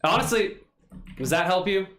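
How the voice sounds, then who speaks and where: A man co-hosting a casual chat, playful and teasing, swinging between loud and mumbled. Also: high voice, expressive, normal speed, echoey room, crowd noise. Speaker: podcast co-host.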